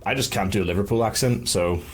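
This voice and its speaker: A man's voice: on the low side, quick pace, a little hiss or hum. A man narrating as game master for a tabletop game, rambling and self-deprecating.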